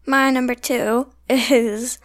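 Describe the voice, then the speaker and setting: A woman's voice: a little high, steady tone, slow. A woman co-hosting a podcast, chatting playfully and teasing her co-host. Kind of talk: casual chat.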